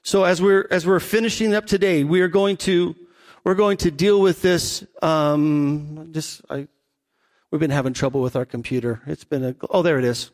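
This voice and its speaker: A middle-aged man, a pastor, preaching a conversational sermon and slowing down on key points. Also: on the high side, fairly even intonation. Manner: conversational preaching, slows for emphasis.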